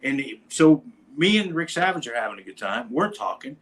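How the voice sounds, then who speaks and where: A male musician guesting on a talk show tells a casual story at a brisk clip, his voice mid-range. He's a lively storyteller who acts out every quoted line.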